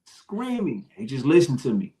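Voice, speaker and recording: A man's voice: medium pitch, huge pitch swings, normal speed, mellow. A man from Detroit, a podcast guest, talking earnestly and repeating his phrases. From Detroit, Michigan. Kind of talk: emotional interview talk.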